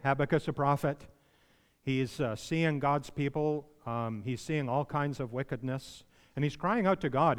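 A man preaching a sermon, conversational and then emphatic, asking his listeners questions. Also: medium pitch. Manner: conversational, rising to emphatic pleading when voicing others. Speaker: pastor. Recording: long hall reverb.

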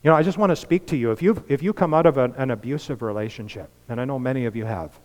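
A man preaching a sermon as pastor, earnest, building to emphatic peaks and dropping to soft, quiet lines. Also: mid-range voice, fast talker. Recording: long reverb of a large hall.

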